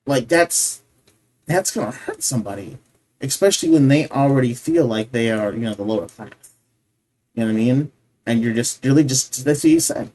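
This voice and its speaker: A man's voice: mid-range voice, animated, fast talker, mellow. A man hosting a reaction video. He talks through his thoughts casually and earnestly, often restarts his sentences and keeps asking "right?". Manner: restarts sentences while thinking aloud.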